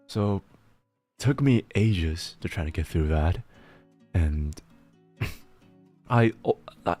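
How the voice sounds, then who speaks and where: Casual chatting streamer, very deep male voice, rambly and laughing, faint music behind. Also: darkish tone. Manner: rambling, laughs often, restarts words. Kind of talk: casual chat while working.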